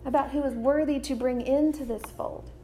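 A woman preacher delivering a sermon in a measured, deliberate way, repeating key phrases. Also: high voice, steady tone, dark tone, slight background noise.

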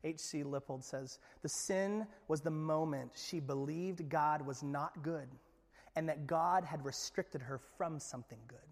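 A man's voice: a little high, unhurried, long reverb tail. A man preaching a sermon as pastor, in an emphatic, conversational way.

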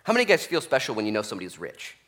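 A man preaching a conversational Bible-study sermon as pastor, animated and jokey, often checking in with "okay?". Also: fairly low pitch, racing. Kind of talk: expository sermon.

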